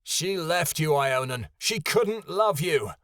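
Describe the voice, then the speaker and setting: A man voicing a defiant, hot-tempered young man who argues and yells nastily. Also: a little high, animated, normal speed, no echo, studio quality. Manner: defiant, nasty, yelling.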